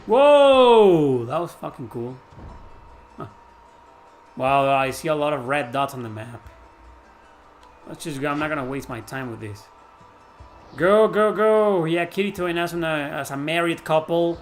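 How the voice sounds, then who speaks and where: Male game streamer, loose and profane, reacts loudly, slightly high pitch. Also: normal speed, long pauses, faint music behind. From Mexico. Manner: excitable, swears, shouts at the game. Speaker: gaming streamer. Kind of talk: live gameplay commentary chatting with viewers.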